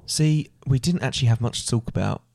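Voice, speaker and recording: A young man co-hosting a podcast with his father in casual chat, teasing and halting, with many fillers. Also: mid-range voice, expressive, vocal fry, darkish tone, no room sound, clean studio sound. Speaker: podcast co-host, son.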